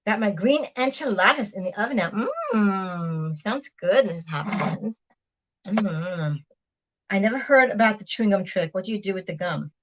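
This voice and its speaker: A woman's voice: medium pitch, normal speed, lo-fi sound, noisy background. Chatty woman talking while she cooks. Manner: rambling, chatty, lots of fillers and hang-ons. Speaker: livestream host. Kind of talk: casual chat while cooking. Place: home kitchen, moving between rooms. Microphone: device mic, often at a distance. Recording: voice drifting far from the mic.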